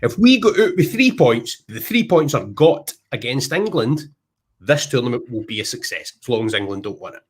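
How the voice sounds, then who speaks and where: A Scottish man in his thirties hosting a casual podcast chat, animated and self-deprecating as he tells stories. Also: mid-range voice, moderate pace, husky. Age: 30s. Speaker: podcast host.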